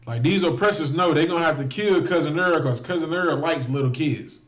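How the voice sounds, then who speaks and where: Male street preacher, fiery and repetitive, voice on the high side, roomy echo. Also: brisk. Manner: impassioned, repeats phrases, addresses listeners directly. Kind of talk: heated preaching to a livestream.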